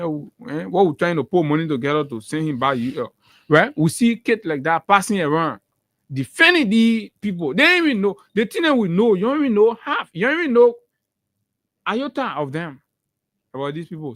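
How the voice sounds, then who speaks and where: A man's voice: high voice, a bit bright, dry recording, clean studio sound. A man with a Liberian accent giving heated, emphatic political commentary on a morning talk show, repeating phrases for force.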